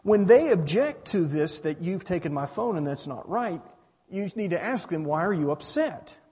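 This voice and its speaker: Husky-voiced preacher man in a reverberant hall. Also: sits high, lively intonation, normal speed, warm tone. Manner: repeats "you understand that?" with rhetorical questions. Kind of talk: sermon.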